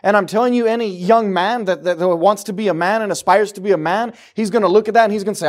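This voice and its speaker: High-voiced emphatic male preacher. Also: fast talker. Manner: emphatic preaching, swinging from loud declarations to low, quiet asides. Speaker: pastor. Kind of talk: sermon. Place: church.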